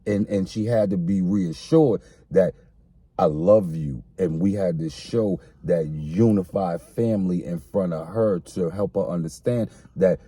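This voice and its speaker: Deep, husky-voiced man on a podcast. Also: dark tone, no echo, studio quality. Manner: earnest, explains slowly with repeated phrases. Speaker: podcast co-host. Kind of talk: casual podcast conversation.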